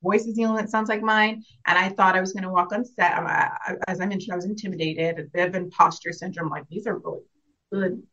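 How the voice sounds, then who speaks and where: A woman's voice: on the low side, steady tone, fast, fairly bright tone, muffled recording. A young adult woman, an actress guest, talking casually and earnestly in an interview, reflective, with frequent restarts and laughs.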